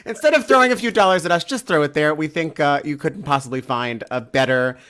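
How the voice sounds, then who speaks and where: A man's voice: on the high side, a little fast, fairly bright tone. A man co-hosting a casual online talk show, chatty and self-mocking. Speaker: co-host.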